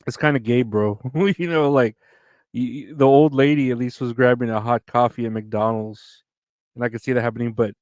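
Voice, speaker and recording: A man's voice: medium pitch, clean tone, no echo, clean studio sound. Tired, profane solo podcast man. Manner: rambling, profane, sarcastic, yawning. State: tired, yawning. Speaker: podcast host. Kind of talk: casual solo podcast chat reading news.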